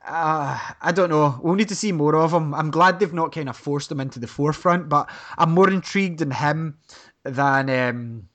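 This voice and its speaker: A man's voice: on the high side, normal speed, fairly bright tone. A man, co-hosting a casual fan chat and talking with many fillers. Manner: chatty, hesitant with many fillers. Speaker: podcast co-host.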